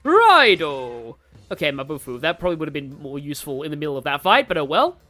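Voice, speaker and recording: Lively chatty man playing a game. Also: a little high, fast talker, soft background music. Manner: chatty, rambling, jokey. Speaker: gaming YouTuber. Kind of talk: casual let's-play commentary.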